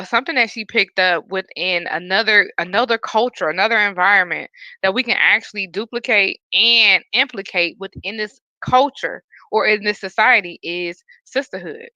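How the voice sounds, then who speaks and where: A woman's voice: mid-range voice, pushed and bright, no echo. A woman hosting a podcast, earnest and close to tears as she talks. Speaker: podcast host. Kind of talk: podcast conversation. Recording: dull dry lo-fi sound.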